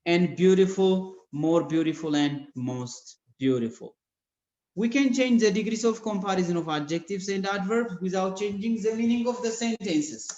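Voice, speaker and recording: A male English teacher with an Ethiopian accent giving an online grammar lesson, explaining rules slowly and spelling out letters one by one. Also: high voice, a little mellow. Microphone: video call. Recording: dull echoey video-call audio.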